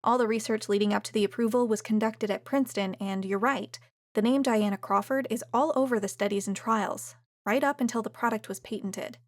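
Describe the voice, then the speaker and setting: A woman's voice: a little high, steady tone, a little fast, no room sound, close to an everyday voice. A woman voicing a blunt, wry young female assistant who talks in a dry, offhand way.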